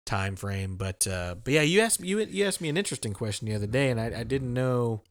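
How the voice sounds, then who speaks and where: A young man co-hosting a podcast, rambling and halting, full of fillers. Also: mid-range voice, lively intonation, no echo. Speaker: podcast co-host. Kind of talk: casual chat.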